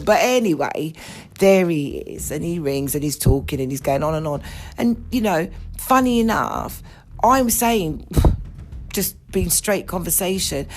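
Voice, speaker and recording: Woman, fiery and foul-mouthed solo podcast rant, low-pitched, faint background hiss. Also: expressive, normal speed, a little mellow. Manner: blunt, profane and indignant. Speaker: podcast host. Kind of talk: ranting monologue.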